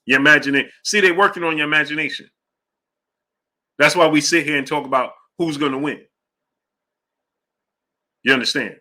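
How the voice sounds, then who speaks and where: A man hosting a casual boxing livestream, rambling loosely between fan shout-outs and fight talk. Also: a little high, moderate pace, pauses often. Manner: loose, rambling, drifts off track. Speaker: host of a live boxing show. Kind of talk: casual livestream chat reading super chats.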